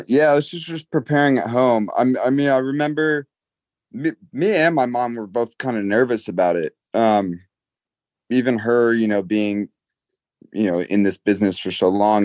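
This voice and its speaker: Soft-spoken young actor from Los Angeles. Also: male voice, fairly low pitch, dry recording. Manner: modest, halting with fillers. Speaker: actor, interview guest. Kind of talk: casual interview answers.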